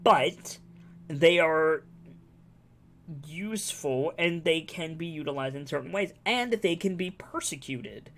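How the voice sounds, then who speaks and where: Rambling, fast-swearing man chatting on stream. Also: on the high side, lively intonation, a bit bright. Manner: rambling, enthusiastic, swears freely. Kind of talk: casual chat.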